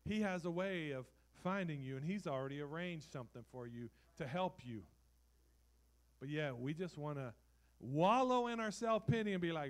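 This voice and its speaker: A pastor preaching a sermon in a church, swinging from loud dramatic bursts to soft, personal talk. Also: male voice, a little high, moderate pace. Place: church sanctuary.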